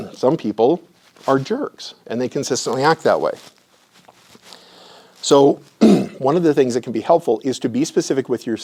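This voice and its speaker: A middle-aged man giving a live lecture with personal stories to an audience in a room, conversational and often clearing his throat. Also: mid-range voice, darkish tone.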